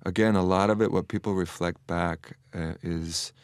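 A man with a lowish voice, recorded dry and close with no room echo. He talks earnestly and reflectively as an interview guest, thinking aloud and often restarting his sentences. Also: steady tone, moderate pace, clear, resonant tone. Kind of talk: casual interview chat.

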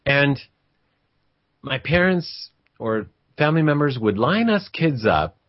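A man's voice: fairly high pitch, big pitch swings, slow, no echo, lo-fi sound. A middle-aged man who grew up in an Italian family tells a personal story in a conversational, reflective way, with restarts and quoted voices of relatives.

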